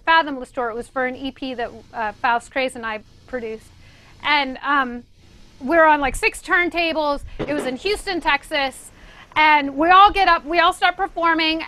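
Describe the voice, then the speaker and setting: A woman's voice: sits high, bright, forceful tone, poor audio. A woman speaking as a DJ guest on a panel, telling a personal story earnestly and with animation. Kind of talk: casual panel discussion.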